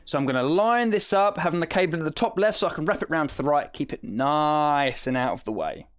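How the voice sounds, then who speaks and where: This is a live-stream tutorial chat from a man with an Essex accent from the south of England, his voice fairly high with lively intonation and a slightly quick pace. Chatty and quick to laugh, he walks through a task while reading viewers' messages out loud.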